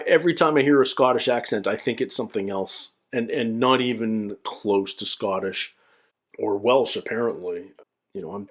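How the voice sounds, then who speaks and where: A man talks in a fairly low register, thinking out loud in a loose, casual commentary. His manner is chatty and self-deprecating, like a reaction host mulling things over.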